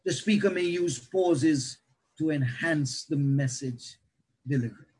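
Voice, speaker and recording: Husky man teaching pastors. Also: on the high side, a little slow, low-quality recording. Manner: animated teaching, shifting pace and loudness. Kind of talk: lecture on preaching to pastors.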